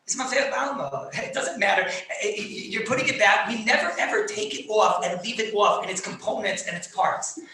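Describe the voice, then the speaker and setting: A high-pitched, very sharp and bright male voice, a rabbi teaching a halachic class over a video call. He gets excitable, repeats himself and laughs as he explains, and he mixes in Hebrew and Yiddish terms. The sound is roomy and set back from the mic. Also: a little fast, few pauses. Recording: echoey, distant, faintly noisy video call.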